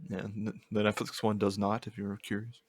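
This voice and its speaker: A man's voice: lowish voice, little pitch movement, normal speed, slightly rough, dry recording. A man co-hosting a podcast, cutting in with teasing remarks and laughs in casual chat. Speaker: podcast co-host.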